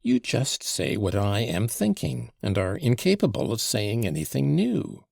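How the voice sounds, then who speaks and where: A man's voice: medium pitch, very animated, a little slow, creaky, a little mellow, dry recording, clean studio sound, exaggerated voice. A man voicing a tormented young man in an audiobook, who speaks with bitter, clipped scorn. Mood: scornful. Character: tormented, contemptuous young man arguing with his hallucination. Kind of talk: audiobook character reading.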